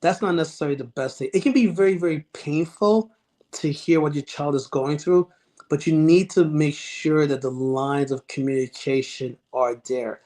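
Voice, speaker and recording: Earnest man psychiatrist, halting speech. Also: fairly high pitch, fairly even intonation, dark tone. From United States. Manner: halting, many restarts and fillers, earnest. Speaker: child and adolescent psychiatrist, guest. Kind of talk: interview answers.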